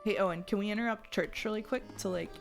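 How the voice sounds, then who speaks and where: A woman's voice: medium pitch, fast, vocal fry. A woman streaming a life-sim game, chatting casually, reading chat messages aloud and often trailing off and restarting her sentences. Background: faint game music.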